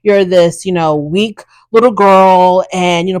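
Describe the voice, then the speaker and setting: A woman's voice: mid-range voice, normal speed, a little mellow, dry recording, rough recording. Sassy opinionated woman recapping TV. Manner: chatty, opinionated, sassy asides. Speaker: reality TV recap host. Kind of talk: casual recap commentary.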